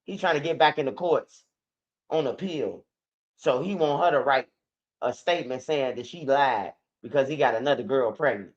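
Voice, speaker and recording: A man's voice: medium pitch, normal speed. A man with a Chicago accent telling rambling, profane stories in a casual livestream, with many restarts. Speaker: livestream host. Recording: dull lo-fi stream audio.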